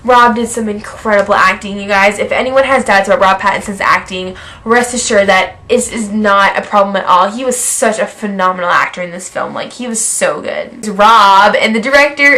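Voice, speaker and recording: A woman's voice: medium pitch, normal speed, few pauses, pushed and bright. A young woman vlogger gushing about a film festival, talking casually with constant "like" fillers. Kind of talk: excited fan recap vlog.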